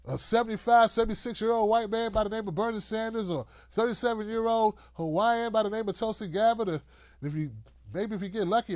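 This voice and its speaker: A middle-aged man with a fairly high voice rants to his viewers, mocking and animated, slipping into silly voices for the people he quotes. The sound is close and dry, with no room around it. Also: no room sound. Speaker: political commentary host. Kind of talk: loose rant to camera.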